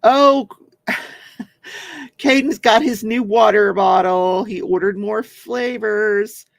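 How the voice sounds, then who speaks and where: Slow, gravelly woman chatting live. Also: mid-range voice, dry recording. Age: 40s. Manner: chatty, laughs often, reads viewer comments aloud. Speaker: host of a live crafting show. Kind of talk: casual live-stream chat while crafting.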